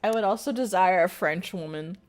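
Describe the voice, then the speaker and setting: A woman's voice: on the low side, fairly quick, a little mellow. A young woman co-streaming, chatting casually and teasing playfully. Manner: playful, teasing, tosses in joke voices. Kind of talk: casual chat.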